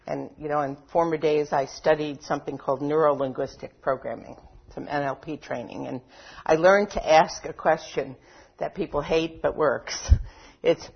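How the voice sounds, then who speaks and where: Husky-voiced woman speaker, conversational. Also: low voice, moderate pace, highs cut off. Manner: conversational, frequent 'you know', acts out inner voices. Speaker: workshop speaker. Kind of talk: talk to a live audience.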